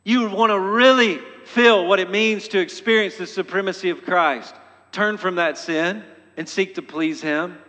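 A pastor preaching a sermon. He is emphatic and often repeats phrases, stumbling and restarting, and builds to loud exhortation. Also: fairly high pitch, steady tone, moderate pace. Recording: long hall reverb.

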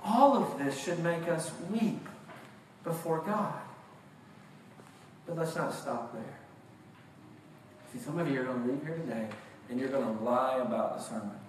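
Impassioned preacher in an echoey sanctuary. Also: male voice, mid-range voice, lively intonation, unhurried, pauses often. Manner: impassioned, swings from hushed to shouting; acts out mock voices of listeners. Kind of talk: sermon. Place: church sanctuary. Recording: very echoey room, far from mic, faint noise.

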